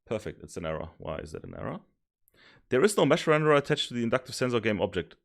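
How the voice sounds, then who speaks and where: A man streaming while he codes, thinking aloud, mocking his own mistakes and sometimes yelling happily. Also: mid-range voice, quick pace, creaky. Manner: thinks aloud, self-mocking, bursts of excited yelling and laughter. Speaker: streamer coding a simulation tool. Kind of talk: casual live coding commentary.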